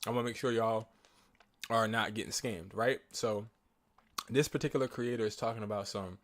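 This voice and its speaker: A man who is sick, talking slowly and quietly while trying not to cough, coaching viewers on phone flipping in a casual talk to the camera. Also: lowish voice, steady tone. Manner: talks slowly and quietly, grows louder and heated.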